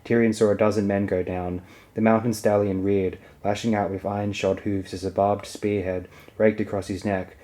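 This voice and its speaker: A man narrates a fantasy audiobook in a low, warm voice. His delivery stays level and even, with little rise and fall. He keeps a steady storytelling pace through the battle scenes. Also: moderate pace. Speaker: audiobook reader.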